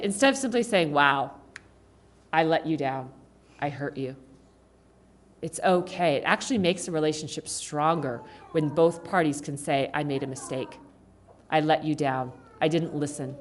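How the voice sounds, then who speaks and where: A woman giving an informal, conversational talk to a church congregation, animated and acting out quoted speech along the way. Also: lowish voice. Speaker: guest speaker at a church service.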